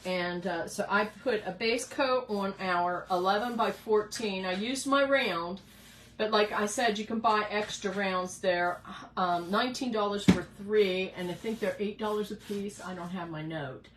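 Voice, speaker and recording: A middle-aged woman talks through a live craft painting demo at an even middle pitch, greeting viewers by name and thinking aloud as she paints. She is recording in her home craft room, with a faint hiss under her voice. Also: unhurried, poor audio. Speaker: craft host.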